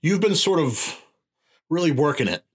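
A man's voice: a little high, big pitch swings, moderate pace, slightly rough. A man from Maine hosting a podcast in casual chat, joking in a wry way. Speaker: podcast host.

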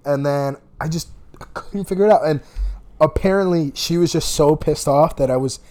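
A young man casually telling a long, rambling, profane story about a rough night. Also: on the high side, normal speed, a little mellow, soft background music. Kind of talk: casual chat.

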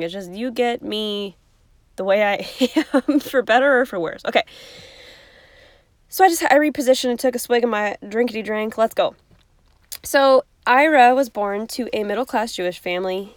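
A woman's voice: medium pitch, smooth, no echo. A woman hosting an unedited podcast, rambling in a bubbly, chatty way with goofy asides. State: hiccups. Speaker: podcast host.

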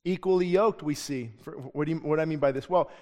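A middle-aged man preaches in an impassioned sermon style, his voice sitting a little high for a man. He acts out the people he quotes as he goes. The sound carries a long reverb like a big church sanctuary. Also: a little fast, a little mellow. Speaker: pastor.

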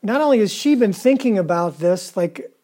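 Preacher, mellow tone, retells scripture casually and keeps asking the room questions. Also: medium pitch, expressive, moderate pace. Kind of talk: conversational sermon.

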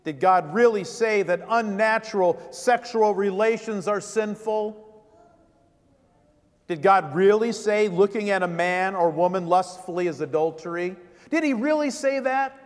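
A man's voice: sits high, unhurried, long reverb tail. A man preaching a sermon as vicar, driving points home with repeated rhetorical questions.

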